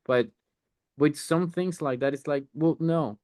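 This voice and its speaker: A man's voice: fairly high pitch, unhurried, darkish tone. A man coaching a group on a sales call, talking bluntly with lots of swearing. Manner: blunt, swears freely, acts out mock sales lines.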